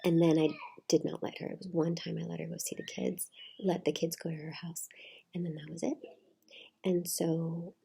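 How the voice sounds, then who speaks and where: A middle-aged woman tells a personal story in a hushed, half-whispered voice, pausing often on fillers. Her voice sits low, with heavy gravel and a breathy, husky edge. The tone is dark and mellow. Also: little pitch movement. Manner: soft, half-whispered retelling with many fillers. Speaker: channel host.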